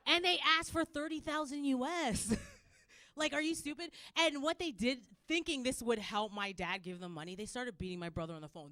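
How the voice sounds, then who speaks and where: A woman performing a stand-up comedy set, rambling and animated, with lots of "like". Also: on the high side, no echo, studio quality. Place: comedy club stage.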